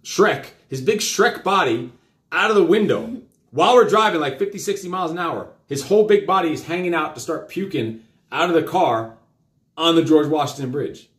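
A man's voice: a little high, lively intonation, normal speed. Rambling, cursing man in an echoey room. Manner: rambling, profane, with many fillers. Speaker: host and father. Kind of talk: casual storytelling on a live show. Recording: roomy echo.

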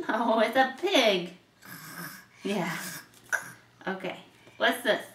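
A woman reading picture books aloud to a toddler, asking patient questions in a slow, playful way. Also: fairly high pitch, a bit bright. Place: home room. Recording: roomy home video from a distance.

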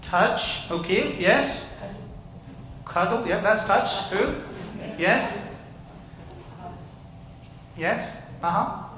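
High-voiced male minister in an echoey church. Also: lively intonation, very slow, pauses often, a crowd in the background. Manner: interactive, questioning the congregation. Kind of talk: children's talk in church service. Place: large church hall.

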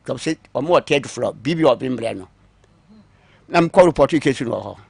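A man recounting his own long story on a talk show, acting out what others said to him, moving between quiet asides and louder bursts. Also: mid-range voice, lively intonation, a little fast, creaky, husky, no room sound. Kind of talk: call-in story telling.

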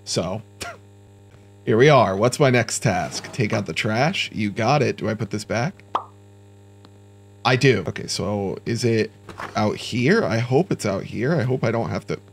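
A man's voice: on the low side, lively intonation, a little slow, creaky, pauses often, slight background noise. A young man giving casual, joking let's-play commentary, talking to himself with sudden startled outbursts. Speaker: gaming YouTuber.

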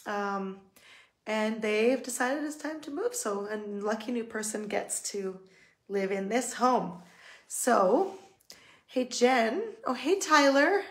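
A woman's voice: mid-range voice, slow pace. A Canadian woman, a real estate agent, walking through a house on a live video and talking in a chatty, upbeat way full of fillers and restarts. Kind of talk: live video home tour.

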